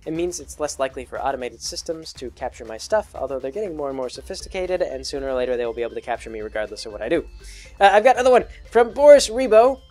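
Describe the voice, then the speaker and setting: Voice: medium pitch, very animated, fast, mellow, faint music behind. A video creator answering patron questions in a casual, rambling monologue full of fillers and restarts. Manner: acts out quoted people in a raised voice.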